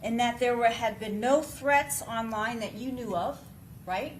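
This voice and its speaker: A woman's voice: on the high side, a little slow, a little hiss or hum, low-quality recording. A woman defense attorney cross-examining a witness in a courtroom, pressing with pointed leading questions.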